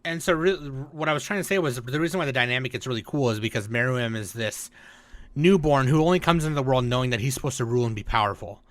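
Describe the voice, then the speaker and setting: A man co-hosting a podcast, telling the story in an animated, swearing way and acting out the quotes. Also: mid-range voice, fast talker, dry recording. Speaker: podcast co-host. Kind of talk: casual chat.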